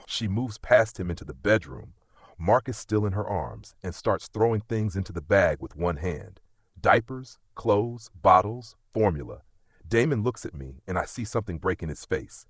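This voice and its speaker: A man's voice: low voice, expressive, normal speed, slightly rough, dry recording, clean studio sound. A man narrating a dramatic first-person story with an intense, emotional delivery.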